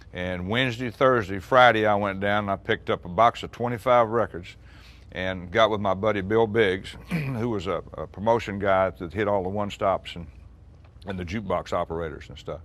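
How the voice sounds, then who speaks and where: Older man, low voice, relaxed anecdotal storytelling, chatty, musician. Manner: chatty, acts out quoted dialogue, frequent restarts and laughs. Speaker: musician recounting a recording session.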